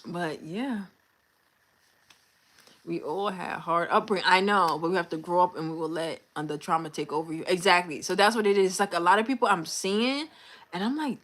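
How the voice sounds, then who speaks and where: A woman's voice: on the low side, brisk, fairly bright tone. A young woman hosting a casual livestream, talking candidly and venting in a loose, conversational way. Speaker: livestream host. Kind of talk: casual live-stream chat.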